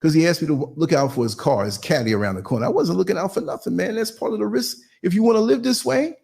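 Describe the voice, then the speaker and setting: A man hosting a live podcast, telling a story in an animated, theatrical way and acting out voices and sounds. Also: high voice, fast talker, gravelly. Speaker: podcast host.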